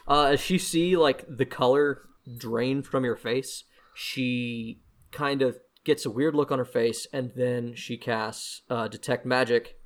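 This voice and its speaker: A man's voice: mid-range voice, slow. A man narrating as game master of a tabletop game, with frequent hesitations and restarts. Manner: hesitant, lots of fillers and restarts.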